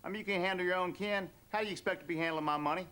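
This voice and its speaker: A middle-aged actor with a Texan accent playing a bossy, teasing man who talks in a loud folksy drawl. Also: high voice, very fast, clean tone. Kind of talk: kids TV series acting. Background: score music.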